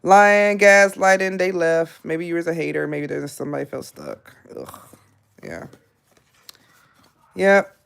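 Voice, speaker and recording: A woman in her thirties giving a live tarot reading, talking bluntly in casual, animated bursts with laughing asides. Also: lowish voice, measured pace, vocal fry, long pauses, smooth. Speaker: tarot reader and therapist.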